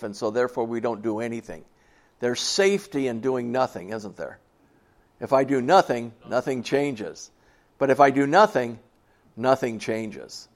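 A man in his sixties preaching a sermon to a church congregation in a folksy, conversational way, often asking them questions. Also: medium pitch. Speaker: pastor.

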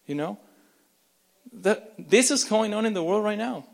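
A man preaching a sermon as pastor, impassioned, with frequent repeats and restarts, swinging between urgent loud lines and hushed ones. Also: sits high, lively intonation, measured pace, gravelly, pauses often. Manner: repeats words and restarts mid-phrase. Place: church sanctuary. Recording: long reverb of a large church.

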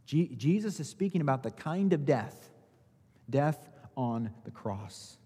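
A man preaching a sermon as pastor, asking rhetorical questions and swinging between loud emphasis and quiet, low asides. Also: big pitch swings, a little slow, slightly rough. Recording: long hall reverb.

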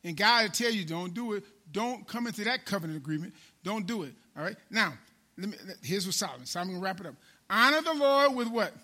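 A preacher with a very high, bright and sharp voice delivers a sermon in call-and-response style. He repeats his lines, calls on the congregation to answer, and swings between loud and hushed. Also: expressive, fast talker. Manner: call-and-response preaching, repeats phrases, rises and drops in volume.

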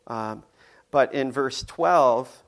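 Chatty pastor, loose sermon delivery. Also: male voice, medium pitch, extremely slow, gravelly. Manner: conversational, playful, frequent ums and restarts.

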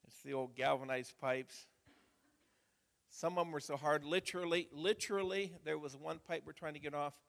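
A middle-aged man preaching as a pastor, chatting in a folksy way before reading scripture in a measured voice. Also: fairly high pitch, vocal fry. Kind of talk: sermon. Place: church sanctuary. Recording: church hall reverb.

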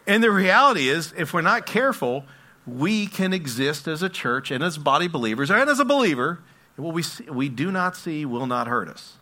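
A man preaching a sermon, telling stories and swinging between hushed asides and loud exclamations. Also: fairly high pitch, sing-song, normal speed. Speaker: pastor.

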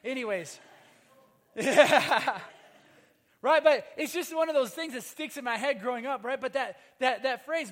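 A man preaching a sermon as a pastor, moving between loud emphatic lines and hushed quiet passages. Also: very high-pitched, moderate pace, big-room sound. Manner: swings from loud emphatic to hushed, sings briefly. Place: church.

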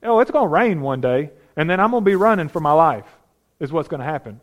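A man's voice: a little high, expressive, fast talker. A man preaching a sermon, reading scripture aloud and talking it through in a conversational way with emphatic rhetorical questions.

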